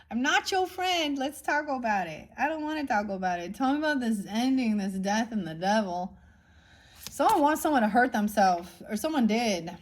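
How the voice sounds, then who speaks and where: A woman's voice: a little high, lively intonation, normal speed. Woman, tarot reader, casual reading, blunt, mocking, cusses a lot. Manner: blunt and mocking, with frequent swearing.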